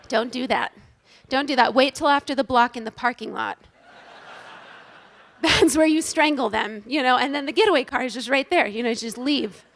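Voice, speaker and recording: A woman giving a humorous, self-deprecating inspirational talk to a live audience on stage, animated and joking. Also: on the high side, moderate pace. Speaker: inspirational speaker at a women's event.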